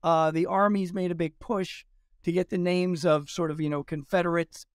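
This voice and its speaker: A male historian telling lively anecdotes in an interview, acting out quoted dialogue as he goes. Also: high voice, moderate pace, smooth, no echo, studio quality. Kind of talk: storytelling in an interview.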